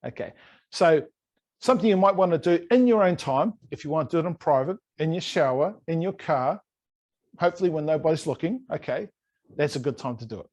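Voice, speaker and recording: A man's voice: fairly high pitch, lively intonation, brisk, a little mellow. Playful New man teaching words. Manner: playful, over-pronounces words to demonstrate. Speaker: language teacher. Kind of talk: online language lesson. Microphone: video call.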